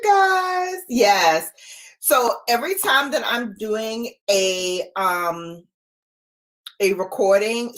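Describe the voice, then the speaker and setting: A woman in her forties talks casually to her live audience from home. She laughs often and keeps a playful tone. Her delivery is unhurried, and her voice rises and falls widely. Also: mid-range voice. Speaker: livestream host. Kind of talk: casual chat with live viewers.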